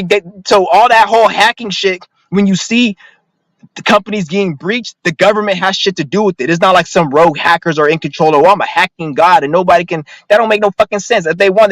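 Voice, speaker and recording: A vlogger with a slightly high voice rants to his viewers in a profane, rambling, emphatic monologue, now and then reading their comments aloud. The low-quality recording has no echo.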